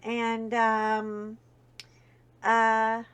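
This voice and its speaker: Middle-aged new lady vlogging, chatty, laughs a lot, kinda high voice. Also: completely flat delivery, drawn-out words, smooth. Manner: chatty, warm-hearted storyteller with bursts of laughter. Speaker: coloring vlog host. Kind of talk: casual chat to viewers.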